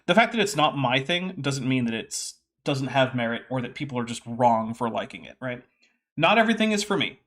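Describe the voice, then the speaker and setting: A man's voice: mid-range voice, very animated, a little fast, fairly bright tone. A man hosting a casual commentary stream, reading text aloud with wry, sarcastic asides. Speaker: host.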